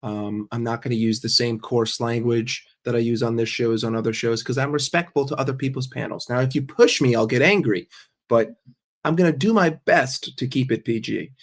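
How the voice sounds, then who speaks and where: A man's voice: mid-range voice, moderate pace. Man, football fan streamer, sarcastic, swears a lot, mid-range voice. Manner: profane, sarcastic, argumentative. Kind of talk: casual livestream rant.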